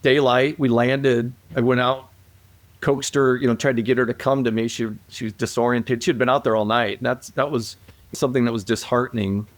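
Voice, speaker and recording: A man's voice: medium pitch, fairly even intonation, fairly quick, dry recording. Man telling stories in a dry room. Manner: rambling, repeats and restarts, acts out quoted calls. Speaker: police aviation guest. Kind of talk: casual storytelling interview.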